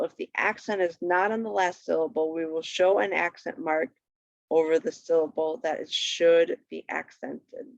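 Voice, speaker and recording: Slow, gravelly voice teaching Hebrew. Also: mid-range voice, no room sound. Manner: patient, repeats each word twice for practice. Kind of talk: screen-shared lesson walking through a textbook page. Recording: dull lo-fi recording.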